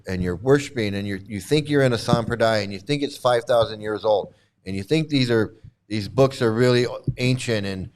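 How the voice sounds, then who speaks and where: Guy in his 60s ranting about his past, swears a lot, repeats himself, smooth clear voice. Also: mid-range voice. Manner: blunt and profane, repeats phrases for emphasis. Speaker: vlogger, former cult member. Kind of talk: candid commentary monologue.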